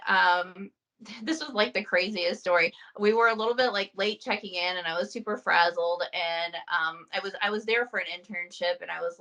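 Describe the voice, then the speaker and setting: Bright-voiced young woman chatting. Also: mid-range voice, rough recording. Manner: chatty, tells stories with quoted asides and laughs. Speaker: host. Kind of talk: casual chat.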